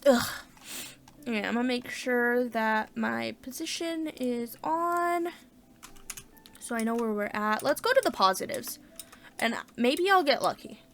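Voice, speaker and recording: एक महिला अपना गेम खेलते हुए बातचीत के अंदाज़ में कमेंट्री करती है, ज़ोर से सोचती है और बीच-बीच में उत्साह से उछल पड़ती है।. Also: female voice, fairly high pitch, unhurried. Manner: chatty, thinks aloud, bursts of excitement. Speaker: gaming channel host. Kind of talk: casual let's-play commentary.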